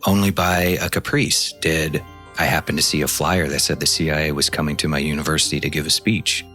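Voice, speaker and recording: A man's voice: a bass voice, little pitch movement, fairly quick, pushed and bright, faint music behind. A man from the American Midwest telling his story candidly in an interview, animating it with quoted dialogue. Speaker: former intelligence officer guest.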